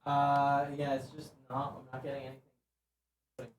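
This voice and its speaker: A man's voice: mid-range voice, monotone, unhurried, roomy sound. A man working as the show's producer, apologizing while he fixes equipment away from the mic. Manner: apologetic, distracted while fixing gear. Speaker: show producer.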